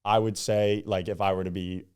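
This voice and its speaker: A young man from Upstate New York, a podcast guest, chatting casually and acting out his stories with animated quotes and some swearing. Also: deep voice, normal speed, smooth. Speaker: podcast guest, club founder.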